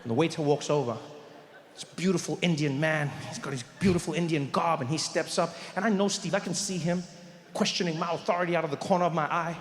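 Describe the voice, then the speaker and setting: A male stand-up comedian telling a story in an animated way, building to loud punchlines and slipping into character voices. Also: on the high side, fast talker. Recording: echoey stage with audience noise.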